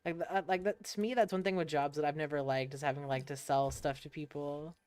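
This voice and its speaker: This young American woman's voice sits low and steady, a little fast, with a darkish, clear, resonant tone and no room sound. Gaming on stream, she tells stories in a laid-back manner, swearing, laughing often, and voicing other people.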